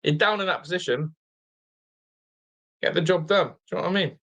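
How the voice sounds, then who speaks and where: Bright-voiced tired English fan host. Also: male voice, high voice, a little fast. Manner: chatty, reads out viewer comments, swears mildly. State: tired, half asleep. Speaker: watch-along host. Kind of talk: live fan watch-along commentary.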